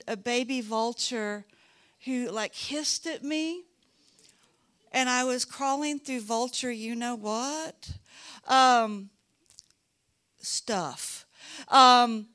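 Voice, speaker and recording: A middle-aged woman from Texas, preaching a Bible lesson in a high voice and an unhurried pace. She is animated and chatty, and she teases her listeners. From Dallas, Texas. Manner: animated, chatty, teasing the audience. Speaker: Bible teacher. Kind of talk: sermon.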